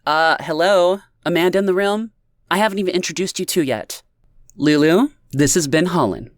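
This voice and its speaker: A bubbly, tipsy young woman, put on by a male narrator in an audiobook, her voice pushed high and bright. She teases and exclaims, loud and giddy, in a dry close recording. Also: normal speed, no echo, lightly acted. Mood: teasing. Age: young adult. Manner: teasing, exclaiming.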